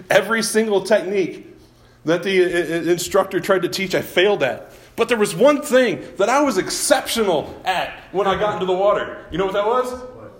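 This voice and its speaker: A man's voice: high voice, lively intonation, normal speed, roomy sound. A man preaching a sermon as pastor, talking in a folksy, self-deprecating way and often repeating his words.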